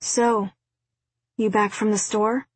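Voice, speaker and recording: A woman voicing a worried, wry teenage girl who talks softly in a novel reading. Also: medium pitch, level tone, takes it slowly, breathy edge, no room sound. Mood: hushed.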